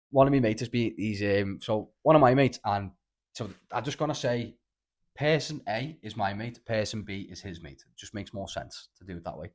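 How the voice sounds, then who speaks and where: A man's voice: fairly low pitch, lively intonation, moderate pace. A man with a Liverpool accent hosting a casual podcast, telling rambling, sweary stories and saying "lad" constantly. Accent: Liverpool (Scouse). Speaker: podcast host. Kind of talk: casual chat, storytelling.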